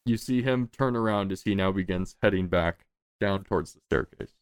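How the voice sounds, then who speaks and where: A man's voice: deep voice, moderate pace, smooth, no room sound, clean studio sound. A man narrating a tabletop game as game master, in a casual, rambling way with lots of fillers.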